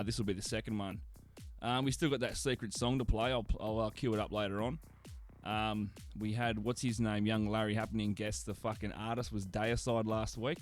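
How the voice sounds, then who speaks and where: Rambling, foul-mouthed Australian man. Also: fairly low pitch. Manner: rambling, crude and sarcastic, heavy swearing, many fillers. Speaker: radio show host. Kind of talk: casual profane radio banter.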